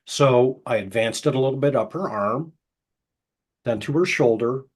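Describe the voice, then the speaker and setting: A middle-aged man who works as a hypnotist, telling anecdotes casually and acting out the quoted dialogue, with a soft, slow voice for the hypnotic suggestions. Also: medium pitch, breathy edge. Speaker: hypnotist guest. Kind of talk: casual storytelling interview.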